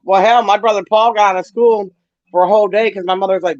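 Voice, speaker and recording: A woman's voice: mid-range voice, fast talker, a little mellow, no room sound, lo-fi sound. A woman hosting a casual livestream chat, telling brash, profane stories and often breaking into laughter. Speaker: livestream host.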